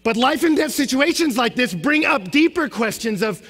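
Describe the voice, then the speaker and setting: A young man preaches with a very high, bright voice, swinging from emphatic rising questions to low, quiet statements. His words ring out with a long reverb from a large hall. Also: lively intonation, moderate pace, slightly rough. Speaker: pastor. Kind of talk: sermon.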